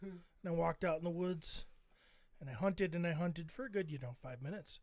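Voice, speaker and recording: A man on a podcast, casually telling a comic story with a deadpan delivery. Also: a little high, normal speed, dry recording. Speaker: podcast co-host.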